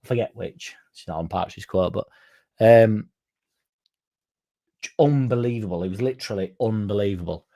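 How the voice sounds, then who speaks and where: Male fan-channel host, lowish warm voice, casual sweary rambler. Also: normal speed, vocal fry, long pauses. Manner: sweary, rambling, self-mocking.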